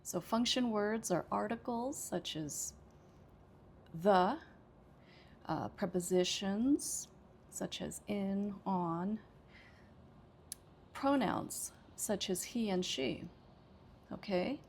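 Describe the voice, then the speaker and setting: A woman's voice: mid-range voice, very slow, vocal fry, pauses often, slight background noise. An American woman teaching an English pronunciation lesson, explaining patiently with frequent "okay" and small hesitations. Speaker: ESL teacher.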